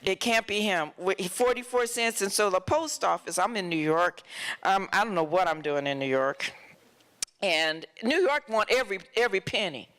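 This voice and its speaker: Animated storytelling actress on stage. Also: female voice, mid-range voice. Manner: animated, acts out voices in her anecdotes. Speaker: guest actress. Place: festival stage before an audience.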